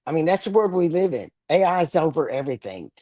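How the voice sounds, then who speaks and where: A man's voice: fairly high pitch, big pitch swings, fast, darkish tone, no room sound. An older man with a Texan accent, speaking as a guest author in a casual interview, plainspoken and blunt with dry humor. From Texas Panhandle.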